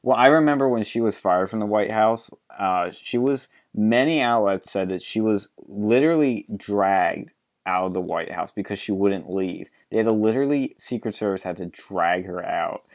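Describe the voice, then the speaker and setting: Blunt low-voiced male podcast host. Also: normal speed. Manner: blunt, profane, laughs often. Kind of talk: casual political chat.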